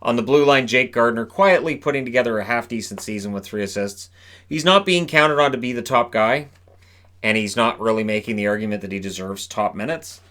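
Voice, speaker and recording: A man's voice: medium pitch, fairly quick, fairly bright tone. A man previewing hockey games on his own channel, reeling off scores and stats in a chatty, offhand way with frequent asides. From Canada. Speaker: hockey commentator. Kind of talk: solo game preview talk.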